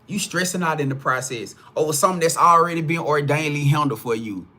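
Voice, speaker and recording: A man holds forth as a spiritual reader on a live stream. His voice sits a little higher than most men's, and he swears freely while calling the viewers y'all in a loose, preachy way. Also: quick pace, pushed and bright. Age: adult parent. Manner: profane, blunt, preachy, addresses viewers as y'all. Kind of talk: casual spiritual talk to a live audience.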